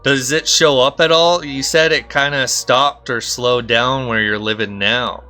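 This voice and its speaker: Male host, mid pitch, bright edge to the voice, curious interviewer who reacts fast. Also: steady tone, faint music behind. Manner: reactive and curious, quick follow-up questions. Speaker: podcast host. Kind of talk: casual interview chat.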